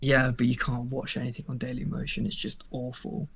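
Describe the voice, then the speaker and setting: A man co-hosting a casual livestream while drawing, relaxed and self-assured. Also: mid-range voice, brisk, gravelly, slightly rough. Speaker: co-host, artist.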